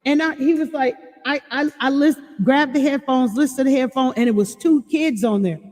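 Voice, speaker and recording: A woman chatting on a livestream, warning parents and reading out chat comments in an animated way. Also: sits high, a little fast. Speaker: livestream host. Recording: long reverb with faint music.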